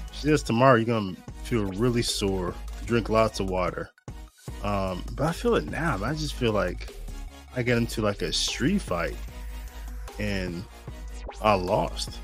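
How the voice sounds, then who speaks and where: Groggy, rambling male show host. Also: fairly low pitch. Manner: rambling, self-deprecating, chuckling. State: groggy after a nap. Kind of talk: casual livestream talk. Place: home studio in Germany.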